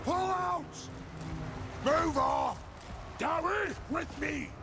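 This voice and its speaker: A battle-hardened dwarf warrior bellows orders and war cries, high and strained from shouting, each one drawn out slowly. His video game barks ring out over a loud din of battle. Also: heavily acted. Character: gruff battle-hardened male dwarf soldiers. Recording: loud battle noise behind.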